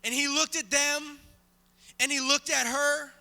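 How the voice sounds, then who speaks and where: High-voiced male guest preacher, dramatic storyteller, booming church hall. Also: flat delivery, measured pace, vocal fry, bright, forceful tone. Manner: dramatic, acts out the story with volunteers. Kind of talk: sermon storytelling. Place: church sanctuary.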